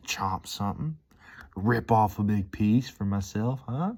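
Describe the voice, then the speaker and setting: Speaking a little slowly in a lowish, slightly mellow voice, this man vlogs in a relaxed, rambling way. He gets excited easily and sprinkles "dude" and "man" through almost everything he says.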